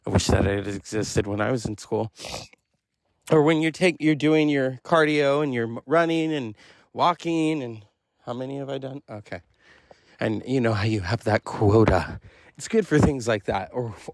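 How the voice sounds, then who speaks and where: A man's voice: mid-range voice, normal speed, no room sound. A man rambling through a casual, self-recorded solo monologue, chuckling often and swearing freely. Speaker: podcast host. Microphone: self-recorded voice message.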